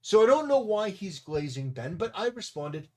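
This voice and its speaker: A man's voice: high voice, very animated, moderate pace, warm tone. A man hosting his own commentary channel, talking through an online argument in a blunt, combative way. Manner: blunt and combative, insulting and dismissive. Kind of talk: opinion commentary monologue.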